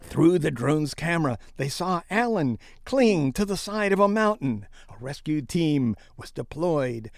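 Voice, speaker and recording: A man's voice: on the high side, big pitch swings, unhurried, few pauses, no room sound, clean studio sound. A man co-hosting a casual comedic news chat, reading stories aloud with a wry, mocking tone and frequent laughs.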